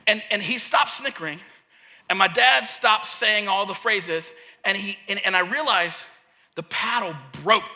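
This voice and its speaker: A man who is a pastor and a parent, preaching a sermon and acting out a childhood story with lively energy. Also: high voice, normal speed. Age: young adult to middle-aged, a parent. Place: church hall. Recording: long hall reverb.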